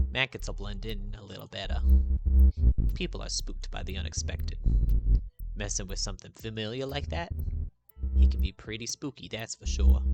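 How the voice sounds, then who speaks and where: A man's voice: lowish voice, gravelly. A man voicing a boastful old male ghost in a top hat, with a put-on Cockney accent and a theatrical, swaggering delivery. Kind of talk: game character voicing by a streamer.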